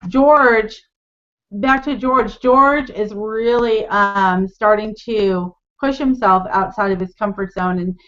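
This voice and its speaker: A woman's voice: mid-range voice, slow, fairly bright tone. A woman hosting a team video call, thanking speakers and encouraging others to join in. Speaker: team leader and hangout host. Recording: dull lo-fi video call audio.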